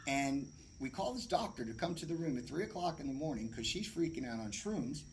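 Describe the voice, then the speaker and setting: A man's voice: mid-range voice, fairly quick, slight background noise, rough recording. A man casually telling an anecdote as a podcast guest, acting out other people's voices. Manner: animated, acts out the voices of others.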